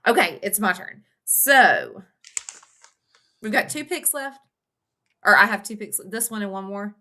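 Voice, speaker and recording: Bright-voiced woman, chatty podcast co-host. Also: medium pitch, animated, measured pace. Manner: chatty, fillers before her picks. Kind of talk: casual chat.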